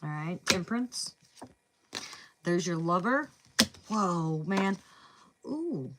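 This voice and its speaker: A woman's voice: on the low side, animated, slow pace, very noisy. A woman with a Southern US accent giving a casual tarot reading, chatty and thinking aloud, saying "y'all" and "man". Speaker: tarot reader.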